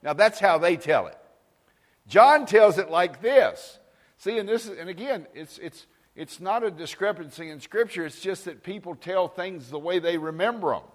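Folksy preacher in a reverberant hall. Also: male voice, high voice, animated, normal speed. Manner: folksy storytelling, asks the crowd for amens. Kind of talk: folksy sermon. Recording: long reverb in a large hall.

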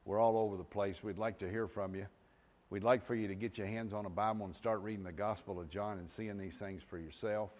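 A man preaching a sermon with a somewhat low voice, pressing his points home and checking that the congregation follows. His voice rings out with a long reverb in a church sanctuary. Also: fairly even intonation, fairly quick, a little mellow. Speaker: pastor.

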